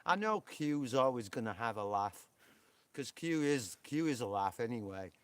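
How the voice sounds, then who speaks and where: A man's voice: medium pitch, expressive, normal speed, smooth, dry recording. A man with a Yorkshire accent co-hosting a live stream, rambling and chatty with lots of fillers. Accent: Yorkshire English. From England.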